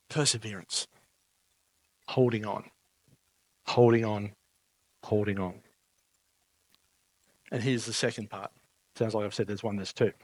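A man preaching a sermon, telling stories in an emphatic, conversational way and often asking "right?". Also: fairly low pitch. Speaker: pastor.

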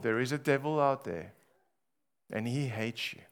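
Slow, emphatic male preacher. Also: mid-range voice. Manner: slow, emphatic preaching with dramatic rises and hushed drops. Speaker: pastor. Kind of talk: sermon.

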